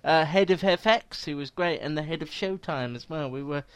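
A man hosts a casual podcast in a slightly higher voice, chatty and jokey. He is recorded dry on a close mic. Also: moderate pace, clean tone, dry recording. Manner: chatty, jokey, laughs often. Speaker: podcast host and website editor.

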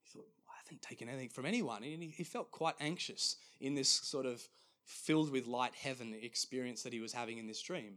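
Male pastor, mid-range voice, earnest sermon with halting restarts. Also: medium pitch, steady tone, bright, forceful tone.

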